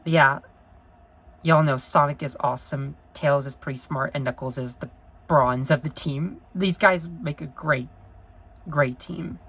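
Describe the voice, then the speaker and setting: A woman's voice: low voice, unhurried, a bit bright, husky, poor audio. A woman talking to camera in an unscripted review vlog, earnest and rambling, gushing with emotion and often apologizing. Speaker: vlogger.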